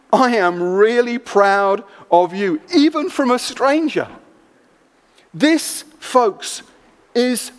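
High-voiced preacher in a hall. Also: male voice. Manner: animated, expressive storyteller. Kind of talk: sermon storytelling. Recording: long echo of a large hall.

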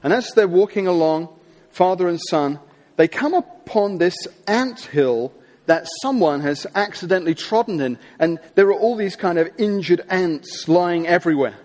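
A man preaching a sermon, telling stories with emphatic, slow dramatic pauses. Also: high-pitched, expressive, a little mellow. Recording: long hall reverb.

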